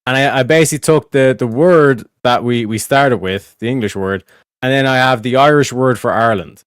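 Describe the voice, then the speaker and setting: A streamer with a medium-pitched, clear, resonant voice talks fairly quickly, explaining things in casual, rambling, profane speech. He keeps circling back to asides and repeats "do you know what I mean." The recording is dry with clean studio sound.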